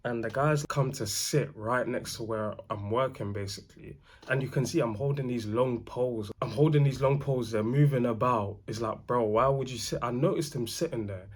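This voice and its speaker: A young man, rambling through a casual storytime in animated slang. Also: mid-range voice, normal speed, few pauses, slightly rough. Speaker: vlogger.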